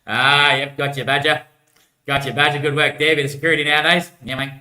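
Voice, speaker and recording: Man, fairly high voice, very sharp tone, rambling slangy chat, swears a lot, echoey room. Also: fairly even intonation, quick pace. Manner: rambling, slangy, swears often, calls everyone mate. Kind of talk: casual rambling livestream chat.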